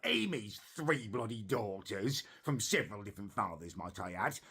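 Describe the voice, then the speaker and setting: Husky, sharp-toned man ranting. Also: lowish voice, animated, moderate pace. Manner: bitter, grumbling complaints. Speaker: ranting video creator. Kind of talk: ranting monologue.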